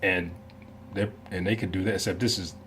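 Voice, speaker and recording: Rambling low-voiced man reacting. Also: steady tone, brisk, fairly bright tone, slight background noise. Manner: rambling, full of fillers and asides, laughing. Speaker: reaction video host. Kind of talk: casual rambling commentary.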